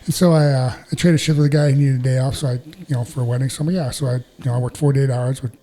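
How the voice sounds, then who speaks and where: Fast-talking man with a mellow voice. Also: mid-range voice, fairly even intonation. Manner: storytelling, laid-back, quick. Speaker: podcast co-host, firefighter. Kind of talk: casual chat.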